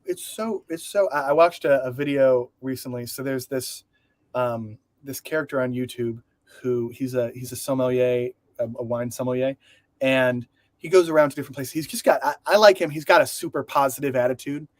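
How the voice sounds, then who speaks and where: A man's voice: mid-range voice, moderate pace, dry recording. Joking man co-host on a dry mic. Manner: rambling, joking, self-correcting. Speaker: podcast co-host. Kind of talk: casual discussion.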